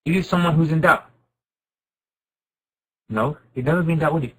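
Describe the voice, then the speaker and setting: A man teaching an informal Quran class, asking his students questions and reciting Arabic verses quickly. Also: a little high, breathy edge, poor audio. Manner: lively, asks the class questions and answers them.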